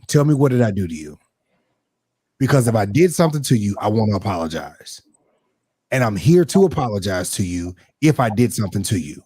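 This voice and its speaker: Animated, profane man with a dry close sound. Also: medium pitch, no room sound. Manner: animated, profane, acts out quoted exchanges. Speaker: podcast guest. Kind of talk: candid storytelling in a casual talk show.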